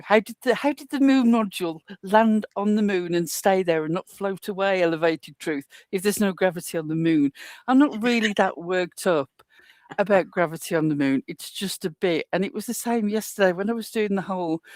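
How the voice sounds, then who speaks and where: A woman's voice: medium pitch, moderate pace, no room sound. A woman co-hosting a casual chat, dry and joking with mock outrage, laughing often. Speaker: co-host.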